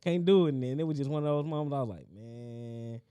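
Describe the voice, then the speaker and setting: A man's voice: mid-range voice, fast, dark tone, smooth, dry recording. A man co-hosting a podcast, telling a childhood story in casual chat and acting out the quotes. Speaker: podcast co-host.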